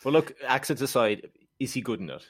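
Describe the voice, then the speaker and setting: A man co-hosting a film podcast, talking in a quick, wry, sardonic way and going off on comic tangents. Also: medium pitch, lively intonation, slightly rough, dry recording, studio quality. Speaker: podcast co-host. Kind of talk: casual film review chat.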